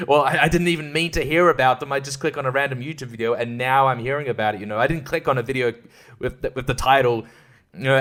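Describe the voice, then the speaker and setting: A young man chatting alone on his podcast, his mid-pitched voice tumbling through restarts and half-finished thoughts. He talks loosely and freely, often breaking off with small laughs. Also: fast talker, fairly bright tone. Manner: rambling, self-interrupting, laughs often. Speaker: podcast host. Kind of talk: casual solo podcast chat.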